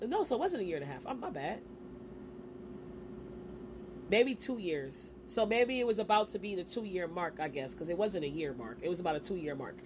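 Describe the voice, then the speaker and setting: A woman in her forties telling a personal story to camera in a casual, animated way, with slang and quick asides. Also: fairly high pitch, slight background noise. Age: 40s. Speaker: vlogger.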